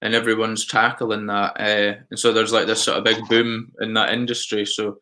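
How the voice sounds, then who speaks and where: A man's voice: on the low side, level tone, moderate pace, bright, forceful tone. A man hosting a casual podcast interview, encouraging and upbeat as he talks with his guest. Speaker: podcast host.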